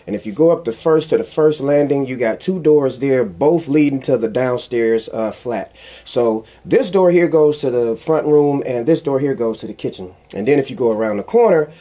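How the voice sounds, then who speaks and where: A commentary vlogger, a man with a medium-pitched voice, tells a personal story in a casual, animated way. He's emphatic and keeps repeating phrases to drive his points home.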